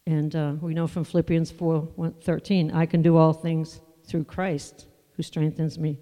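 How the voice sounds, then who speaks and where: A preacher delivers a sermon in a mellow, warm voice, talking through scripture in an easygoing, conversational way. The sound carries a long reverb, as if in a large hall. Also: mid-range voice, flat delivery. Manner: conversational, unhurried Bible teaching with asides.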